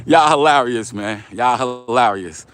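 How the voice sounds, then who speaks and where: His tone is fairly bright and his pace measured as this middle-aged New Yorker strolls outdoors in the predawn dark. In a mid-range voice, he reads viewers' chat messages out loud with an easygoing, street-smart manner.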